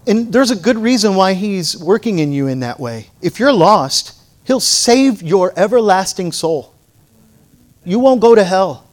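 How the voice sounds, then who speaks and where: A man's voice: sits high, lively intonation, a little slow. A middle-aged male pastor preaching a sermon, moving from playful storytelling to fervent exhortation.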